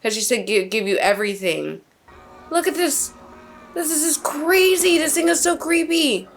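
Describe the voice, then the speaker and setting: High-voiced woman, stunned exclamations. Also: expressive, normal speed, slight background noise. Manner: exclamatory, stunned questions, swears freely. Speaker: anime reaction host. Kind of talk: live reaction commentary.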